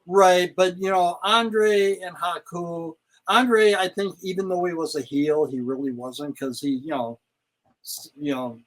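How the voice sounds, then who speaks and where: An older man, a guest in a casual interview, telling stories in an animated way and acting out quoted lines. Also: high-pitched, measured pace, rough recording. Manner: animated storyteller, acts out quotes. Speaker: guest, retired pro wrestler.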